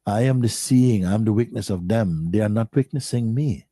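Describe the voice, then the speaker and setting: Addressing his listeners at a slow pace, a middle-aged spiritual teacher repeats and questions, frequently sinking into a gentle near-whisper. His voice is lowish, and the recording is dry.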